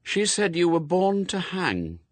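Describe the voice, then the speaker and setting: Guy doing a tearful young woman, stammery and soft, pitched way up, husky. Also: sing-song, a little slow, no room sound, exaggerated voice. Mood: brightening. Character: young woman, tearful, shy then brightening.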